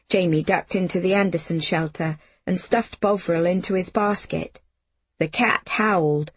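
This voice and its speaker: A woman narrating a novel in the first person, in an unhurried, measured audiobook reading. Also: fairly low pitch, breathy edge, no echo.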